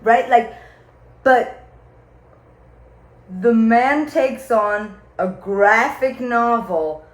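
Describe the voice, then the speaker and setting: A woman venting to her viewers in a comedic, rambling monologue, theatrical and full of swearing and filler words. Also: a little high. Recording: echoey room with faint ambience.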